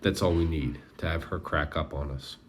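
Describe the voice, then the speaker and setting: A man's voice: extremely low pitch, normal speed, a little hiss or hum. A man voicing a brash, bold teenage boy in an audiobook. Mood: urgent, low.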